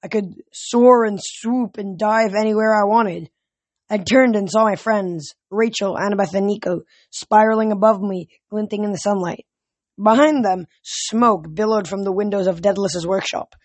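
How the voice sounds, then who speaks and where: A man reading a novel aloud as a fan audiobook, steady with occasional slips and restarts. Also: sits high, normal speed, dry recording. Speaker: audiobook reader.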